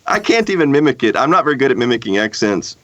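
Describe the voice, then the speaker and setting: A man's voice: mid-range voice, sing-song, fast talker, a bit bright, highs cut off. A man chatting as a guest on a roundtable podcast, hesitant and stammering as he starts his thoughts. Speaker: podcast guest, video creator. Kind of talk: casual roundtable chat.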